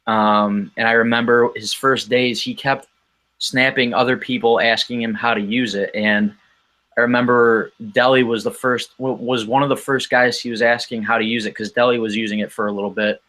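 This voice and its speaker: A man's voice: medium pitch, little pitch movement, normal speed, sharp tone. A man talking as a guest on a podcast, telling a casual story in a rambling way with frequent ums and restarts.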